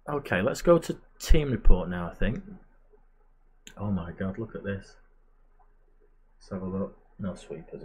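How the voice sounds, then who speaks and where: A man's voice: on the low side, darkish tone, slight background noise. A man giving casual, chatty commentary while playing a management game, muttering asides to himself. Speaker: gamer and channel host.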